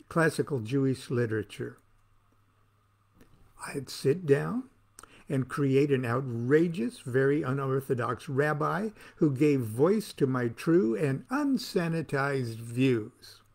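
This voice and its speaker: A man's voice: medium pitch, creaky, a little mellow. A man reading aloud from his own book, with a wry, theatrical delivery that plays to the listener.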